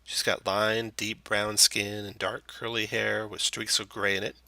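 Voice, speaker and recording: Man, dungeon master, relaxed narration, low voice, gravelly, dry close sound. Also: a little slow, dry recording. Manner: relaxed, with frequent fillers. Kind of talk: narrating a tabletop game.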